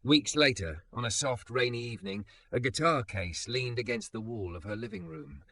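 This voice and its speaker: A man reading a romance story aloud in soft, lingering scripted narration. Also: mid-range voice, big pitch swings, normal speed, vocal fry.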